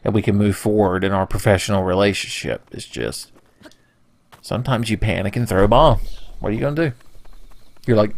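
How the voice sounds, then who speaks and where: A man's voice: on the low side, moderate pace, long pauses. A young man casually commentating a video game playthrough, joking, swearing and putting on silly voices. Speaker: let's play commentator.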